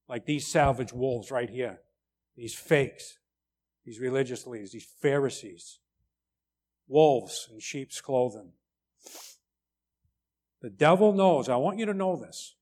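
A middle-aged male pastor preaching a sermon in an animated way, often breaking in with asides like "right?" and "okay?". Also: mid-range voice.

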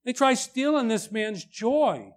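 A middle-aged pastor preaches animatedly in an extremely high voice, taking it slowly. He keeps interjecting asides such as "right?" and "okay?".

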